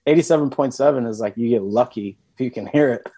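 A man hosting a podcast, chatting casually and relaxed, with a lot of "like". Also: mid-range voice, a little fast, breathy edge, no echo. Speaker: podcast host. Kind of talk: casual chat.

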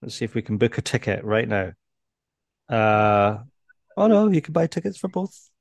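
Male comedian co-host, low-pitched, easygoing dry delivery, dead dry sound. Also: big pitch swings, moderate pace, no room sound. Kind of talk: casual podcast banter. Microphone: video call.

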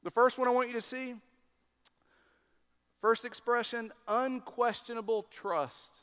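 A man preaching a sermon as pastor, deliberate and emphatic, pausing on key words. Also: extremely high pitch, level tone, fairly bright tone, smooth. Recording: long hall reverb.

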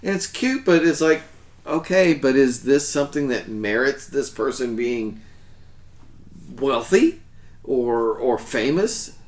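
A man hosting a podcast in a relaxed, rambling way, often breaking in to agree. His voice sits at an ordinary middle pitch. The recording has a roomy echo around it. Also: takes it slowly. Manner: chatty, affirms often with "yes". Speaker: podcast host. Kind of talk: casual podcast discussion.

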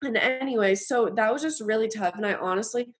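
Young woman giving a halting testimony. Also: fairly high pitch. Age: young adult. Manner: earnest, halting, with frequent fillers. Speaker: interviewee sharing her faith story. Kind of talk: personal testimony.

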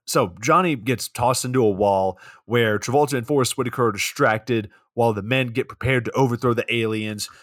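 A man's voice: mid-range voice, a bit bright, no room sound, studio quality. A young man co-hosting a podcast, recapping a film in a sarcastic, rambling way with plenty of swearing. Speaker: podcast co-host. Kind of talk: casual comedic movie recap.

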